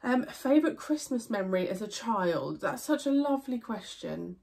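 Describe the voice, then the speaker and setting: Her medium-pitched voice is expressive and darkish, with some vocal fry, moving at a normal speed. A congested young YouTuber, nasal and stuffy, she chats loosely through a viewer Q&A, filling gaps with "um" and "like" and stopping to fix what she's said.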